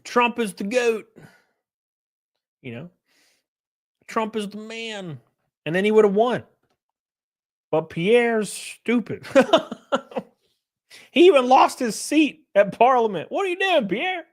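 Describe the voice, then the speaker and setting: A man hosting a livestream, answering chat messages in a brash, profane, animated way. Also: high voice, takes it slowly, pauses often. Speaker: livestream host reading chat.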